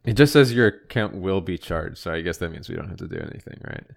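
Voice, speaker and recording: A man's voice: deep voice, lively intonation, fast talker, vocal fry. A man co-hosting a podcast in casual chat, dry and offhand in manner. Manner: dry, offhand, reads aloud in a mock announcer voice. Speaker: podcast co-host.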